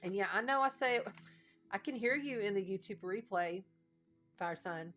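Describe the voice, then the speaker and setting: A woman's voice: medium pitch, moderate pace, fairly bright tone, soft background music. A woman with a Texas twang, giving a casual, encouraging card reading with playful asides to her viewers. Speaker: astrologer and card reader.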